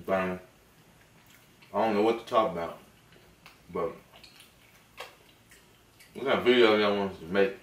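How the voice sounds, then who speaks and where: A man chatting casually with his baby while eating on camera, relaxed and playful, often speaking softly. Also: lowish voice, a little slow, pauses often. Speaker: vlogger and father. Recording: echoey room, mic at a distance, faint noise.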